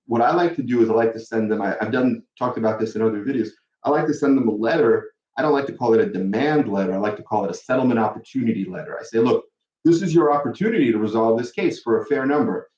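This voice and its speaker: A man, a personal injury lawyer, answering viewer questions in a casual live Q&A, animated and acting out the other side in quick quoted asides. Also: fairly low pitch. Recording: dull, roomy sound.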